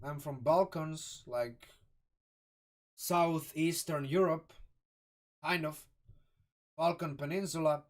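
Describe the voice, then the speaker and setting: A man from Croatia with a Croatian accent, chatting casually and excitably on a live stream, rambling and swearing freely. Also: a little high, slow pace, pauses often, recorded from a distance. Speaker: live streamer reviewing a game sourcebook.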